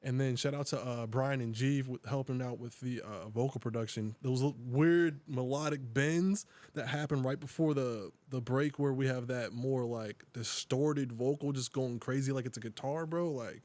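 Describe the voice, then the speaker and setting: A man's voice: medium pitch, normal speed, few pauses, darkish tone. A young man, a guest rapper and producer, talking loosely in a casual podcast chat, full of "like" and "bro".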